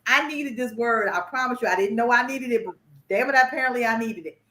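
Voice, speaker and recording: Bright-voiced woman host in an echoey room. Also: a little high, fast. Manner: exuberant, slangy, emphatic. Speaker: podcast host. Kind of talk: casual podcast chat.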